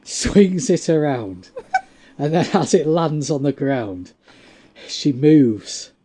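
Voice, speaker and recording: A man's voice: fairly high pitch, expressive, takes it slowly, warm tone, a little hiss or hum. A man co-hosting a casual chat, laid-back, giving short replies and trailing off mid-sentence. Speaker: co-host.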